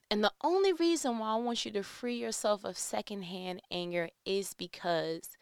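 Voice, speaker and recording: A middle-aged woman hosting a reflective motivational talk, earnest, often rising to loud, animated emphasis. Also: medium pitch, smooth, no room sound, studio quality.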